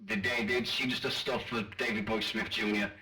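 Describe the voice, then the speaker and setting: A man's voice: fairly low pitch, level tone, brisk, sharp tone. A man in his forties with a Northern English accent, hosting a chat radio show with boisterous, teasing banter and casual swearing. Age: 40s.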